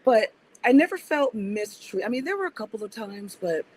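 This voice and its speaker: A woman's voice: on the high side, big pitch swings, normal speed, low-quality recording. A woman guest on a podcast, an organizer and activist, talking reflectively and restarting her sentences as she thinks. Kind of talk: casual interview conversation.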